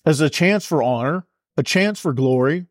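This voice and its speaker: A man's voice: a little high, expressive, moderate pace, no room sound, studio quality. A man delivering an impassioned political monologue with fervent, repetitive, preacher-like cadence. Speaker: commentator.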